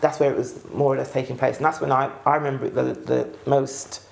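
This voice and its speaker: Woman, choir singer, low, gravelly, casual reminiscing, echoey room, faint ambience. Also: level tone, fairly quick, a little mellow. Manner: casual, searching for memories. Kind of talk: reminiscing interview.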